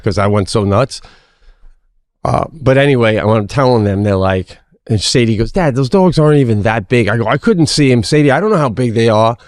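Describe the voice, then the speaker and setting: A middle-aged man co-hosting a podcast, telling a story in casual chat, animated and swearing freely, acting out his own shouting. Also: medium pitch, no room sound, studio quality. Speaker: podcast co-host.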